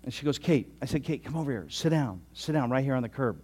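A pastor in his sixties telling a story in a sermon, chatty, often repeating himself and dropping to a soft voice. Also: mid-range voice, animated, quick pace, husky. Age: 60s. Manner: conversational, repeats words, drops to soft tones.

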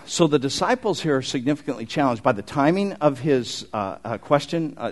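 Male pastor, middle-aged, animated conversational sermon, slightly higher voice. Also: a little fast. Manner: animated, conversational preaching with asides to the congregation.

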